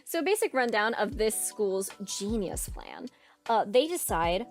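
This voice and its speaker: A woman's voice: medium pitch, wildly swooping pitch, a little slow, creaky, faint music behind. A woman in her twenties recounting her old character's story in a casual vlog, sarcastic and rambling with lots of "like".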